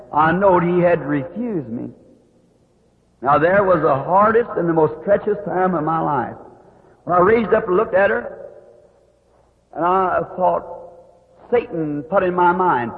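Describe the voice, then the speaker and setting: A man preaching an emotional testimony, pleading and rising to high cries. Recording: tinny old lo-fi recording in a reverberant hall.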